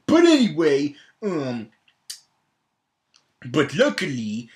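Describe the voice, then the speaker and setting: A man's voice: mid-range voice, lively intonation, slow. A man giving a casual comedic movie recap, rambling, with many fillers and stammered restarts. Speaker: film recap host.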